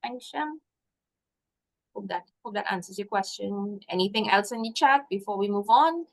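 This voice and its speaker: Over a video call, a woman guest-hosts a business workshop webinar, encouragingly working through a list of points and often starting with "so." Her mid-range voice is expressive and keeps a moderate pace.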